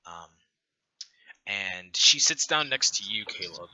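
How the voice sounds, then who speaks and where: A man runs a tabletop game, describing scenes in a very bright, lively voice that rises and falls a lot. He talks haltingly, filling pauses and restarting his sentences. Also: on the low side. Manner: halting, many fillers and restarts. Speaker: game master.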